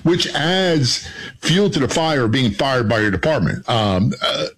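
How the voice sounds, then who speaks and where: A man's voice: medium pitch, sing-song, measured pace, fairly bright tone, low-quality recording. A male podcast host interviewing a guest, earnest and reflective, thinking aloud as he talks. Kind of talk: interview conversation.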